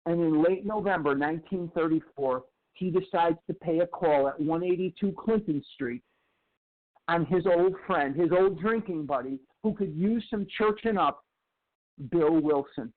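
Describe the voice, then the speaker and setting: Man, high voice, recovery talk, storytelling lecture, repeats phrases for emphasis, tinny phone-line sound. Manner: slow, emphatic repetition of phrases. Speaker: twelve-step recovery speaker.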